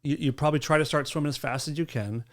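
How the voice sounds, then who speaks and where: Man co-host, loose rambling chat, dark jokes, some swearing. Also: a little high, fast talker. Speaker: podcast co-host. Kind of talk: casual chat.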